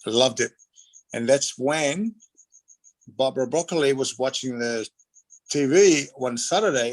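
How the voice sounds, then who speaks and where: A man's voice: mid-range voice, normal speed, rough recording. A middle-aged Australian man, a retired wrestler, casually telling rambling anecdotes in an interview and acting out the voices of people in his stories.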